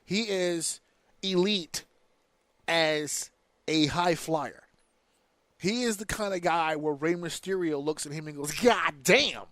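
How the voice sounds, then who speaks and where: Male podcast co-host, higher-pitched, animated and foul-mouthed, dry close sound. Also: dry recording. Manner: animated, profane, rants excitedly. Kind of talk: casual wrestling podcast chat.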